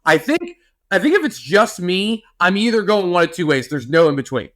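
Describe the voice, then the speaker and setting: Animated young man chatting on a podcast. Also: high voice, normal speed. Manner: animated, playful, lots of filler words. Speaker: podcast co-host. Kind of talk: casual chat.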